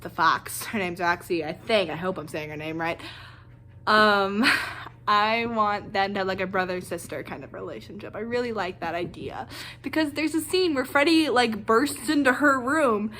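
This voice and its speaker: A young woman vlogger ranting casually and excitedly, rambling with lots of fillers. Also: mid-range voice, moderate pace, a little hiss or hum. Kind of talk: casual reaction rant.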